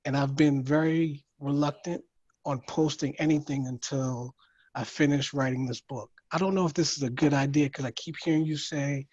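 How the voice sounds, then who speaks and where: A man in a writing workshop speaking hesitantly over a video call, with halting phrases and many fillers. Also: on the high side, fairly even intonation, darkish tone, no room sound, muffled recording. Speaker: workshop participant. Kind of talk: casual chat.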